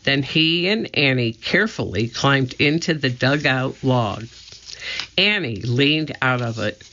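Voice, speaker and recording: A man reading a children's storybook aloud, narrating slowly and deliberately. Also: mid-range voice, animated, bright, forceful tone. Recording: dull lo-fi recording.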